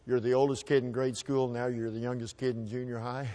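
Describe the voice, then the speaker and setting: A man telling a personal story to an audience at a microphone, in a folksy, halting way that often repeats words as he restarts. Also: mid-range voice, flat delivery, dark tone.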